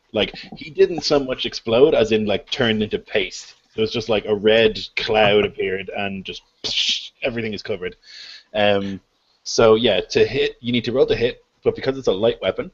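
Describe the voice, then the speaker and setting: A man's voice: fairly low pitch, moderate pace, husky. Man game-mastering, lo-fi dull sound. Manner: relaxed, laughing, loose rules explanations. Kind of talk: narrating a tabletop game over an online call. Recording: dull lo-fi call audio.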